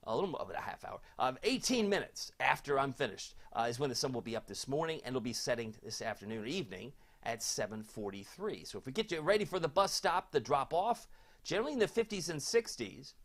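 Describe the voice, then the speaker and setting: Chatty man giving a lively weather forecast. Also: medium pitch, fast talker. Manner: chatty, folksy, reads viewer comments aloud.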